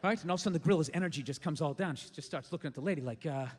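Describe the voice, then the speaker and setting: A male stand-up comedian performing on a club stage, ranting loudly and swearing often. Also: a little high, very fast. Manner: profane, ranting, loud. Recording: live venue with reverb and audience.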